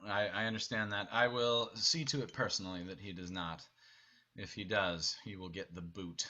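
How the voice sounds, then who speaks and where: A man with a bright, forceful voice directs an online rehearsal, talking his cast through where each character stands and moves. He keeps an upbeat, instructive tone over a video call. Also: lowish voice, fairly even intonation, moderate pace, muffled recording. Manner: upbeat, instructive, briefly acts out lines. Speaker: theater director.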